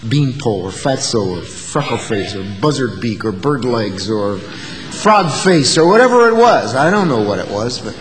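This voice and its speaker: Lively-pitched man preaching in a reverberant hall. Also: moderate pace, over music. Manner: earnest, rising to emphatic peaks, acting out quoted insults. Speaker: pastor. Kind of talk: sermon.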